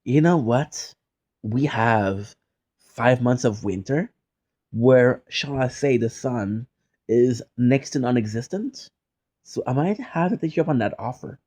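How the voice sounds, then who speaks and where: A man's voice: medium pitch, animated, unhurried, a little mellow. A young man streaming live, chatting casually with viewers in a playful, teasing way, often repeating phrases in mock outrage. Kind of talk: casual chat.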